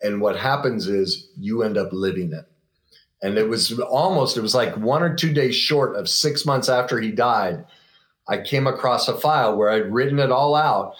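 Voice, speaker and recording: A middle-aged man telling a personal story as a guest, earnest and reflective, often pausing and restarting. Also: on the low side, fairly bright tone.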